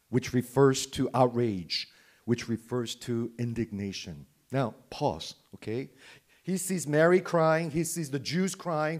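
A man's voice: mid-range voice, a little mellow. A man preaching a sermon, asking the listeners questions and swinging from emphatic stress down to a near-whisper. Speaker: pastor.

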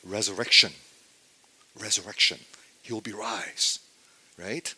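A man preaching a sermon, often asking his congregation questions and swinging between loud declarations and near-hushed asides. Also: medium pitch, lively intonation, measured pace, pauses often. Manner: asks the congregation rhetorical questions. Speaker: pastor.

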